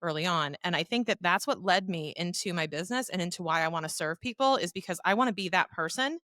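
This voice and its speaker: A woman in her thirties, a finance professional guesting on a podcast, telling stories in a lively, chatty way. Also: on the low side, fast talker, dry recording, studio quality. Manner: animated storyteller who acts out quoted voices. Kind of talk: casual interview talk.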